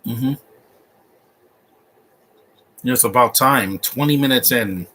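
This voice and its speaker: A man's voice: mid-range voice, normal speed, sharp tone. A man giving a casual, opinionated live commentary over a movie, rambling with frequent restarts. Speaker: host.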